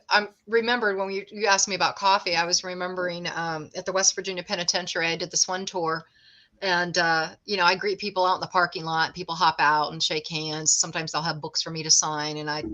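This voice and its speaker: A woman's voice: fairly low pitch, pushed and bright. A middle-aged woman, a guest, telling stories in a chatty, joking way. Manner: chatty storyteller, quick to joke. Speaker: guest, ghost tour owner. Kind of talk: casual chat.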